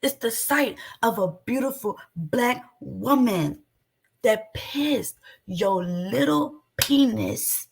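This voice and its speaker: Husky, indignant woman in loud commentary. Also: fairly high pitch. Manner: loud, indignant and mocking, with frequent outbursts. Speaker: commentator reacting to a stream clip. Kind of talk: heated reaction commentary.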